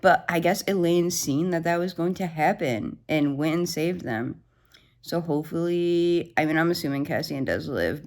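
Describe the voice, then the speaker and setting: Woman in her 20s, deep low register, casual book vlogger, gushing and profane. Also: normal speed. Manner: excitable, swears freely, gushing reactions. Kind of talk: casual reading vlog updates.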